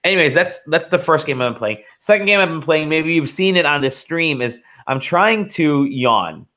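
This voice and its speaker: A man's voice: on the high side, expressive, moderate pace, bright, forceful tone. A man co-hosting a casual podcast, rambling through stories with swearing and laughter. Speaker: podcast co-host.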